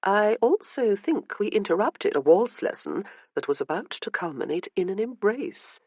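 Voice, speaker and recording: A woman's voice: mid-range voice, big pitch swings, normal speed, darkish tone, no echo, lo-fi sound, voice pushed up. Elizabeth, a woman reading a wry noblewoman. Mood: teasing. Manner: dry and teasing. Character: wry, perceptive noblewoman, teasing and composed. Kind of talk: audiobook character reading.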